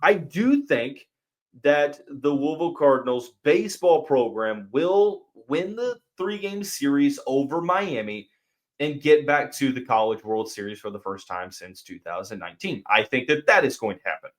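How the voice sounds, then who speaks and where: A man's voice: medium pitch, lively intonation, moderate pace. Man talking sports on a podcast. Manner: thinking aloud, frequent fillers and restarts. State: has the hiccups. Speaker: podcast host. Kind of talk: casual sports podcast talk.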